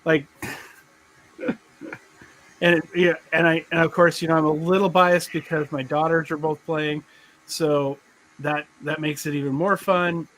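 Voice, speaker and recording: A man's voice: on the high side, flat delivery, a little slow, pauses often, a bit bright, rough recording. A middle-aged man hosting a live podcast, chatting casually and rambling with many restarts. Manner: rambling, restarts often, laughs as he talks. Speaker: podcast host. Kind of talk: casual chat on a live stream.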